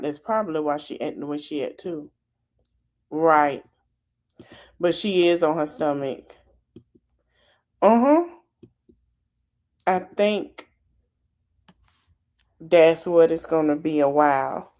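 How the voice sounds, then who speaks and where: A woman's voice: low-pitched, darkish tone. A woman chiming in on a casual livestream, giving blunt, skeptical commentary. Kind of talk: casual chat.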